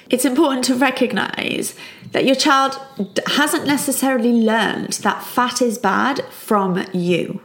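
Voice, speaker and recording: A middle-aged woman, a child psychologist, calmly and reassuringly explaining parenting advice. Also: fairly high pitch, unhurried. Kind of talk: parenting advice talk to camera.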